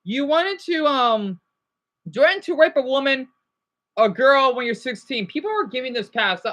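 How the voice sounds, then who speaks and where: A man's voice: very high voice, lively intonation, moderate pace, pushed and bright. A man in his thirties ranting in a rambling, agitated commentary vlog, swearing often and then apologizing. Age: 30s. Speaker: vlogger.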